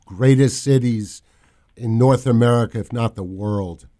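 A man's voice: medium pitch, measured pace, dark tone. A man on a podcast recounting a news story in casual, run-on talk. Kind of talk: casual chat.

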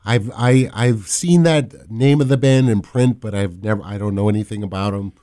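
A man's voice: on the low side, moderate pace, warm tone, no room sound. A man from Boston chatting on a talk radio show, giving blunt, dry opinions. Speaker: radio regular. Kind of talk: casual radio chat.

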